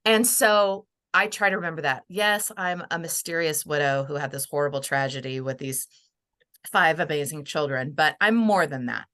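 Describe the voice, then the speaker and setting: A middle-aged woman talks with an interviewer in an earnest, heartfelt way, her voice bright and forceful though fairly low in pitch. She speaks reflectively. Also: moderate pace. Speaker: podcast guest.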